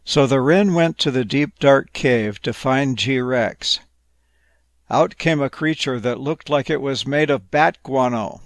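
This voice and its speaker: A man gently narrating a playful, whimsical bedtime story. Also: mid-range voice, takes it slowly, no room sound.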